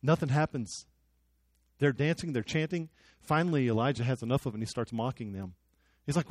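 A man's voice: sits high, a little fast, a little mellow, dry recording. A young man preaching a sermon, telling the story with jokes and acted-out quotes. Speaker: pastor.

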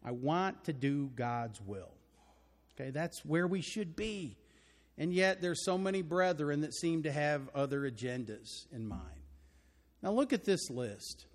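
An older man with a Texan accent delivers a sermon from the pulpit, earnest and emphatic, often swelling into loud, ringing declarations. His voice sits a little high for a man, and it trails off into the long reverb of a large church hall. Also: expressive, unhurried. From Texas. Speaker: preacher. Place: church auditorium.

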